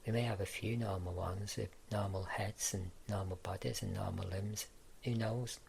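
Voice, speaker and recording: A man's voice: lowish voice, fairly even intonation, normal speed, vocal fry, a little mellow, a little hiss or hum. A man voicing a crude, sarcastic male sideshow freak in whispered role-play. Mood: pushy. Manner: sarcastic, blunt.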